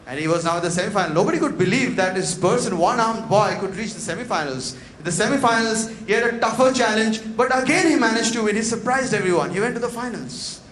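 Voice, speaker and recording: A man's voice: high voice, animated, fast, few pauses, a bit bright. A man giving a motivational talk, telling a story dramatically and acting out its dialogue in a large event hall. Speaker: motivational speaker. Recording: echoey hall with faint noise.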